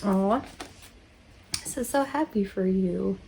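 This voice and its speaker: A woman's voice: mid-range voice, takes it slowly, vocal fry, a little mellow, a little hiss or hum. A woman hosting a crafting channel, chatting casually and emotionally as she opens her mail, laughing often and gushing her thanks. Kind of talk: casual chat while opening mail.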